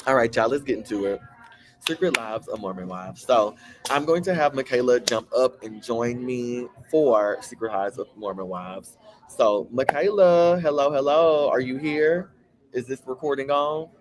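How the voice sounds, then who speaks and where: A man's voice: medium pitch, expressive, moderate pace, crowd noise. A man with a Southern US country twang hosting a casual, gossipy chat full of sassy asides. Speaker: host.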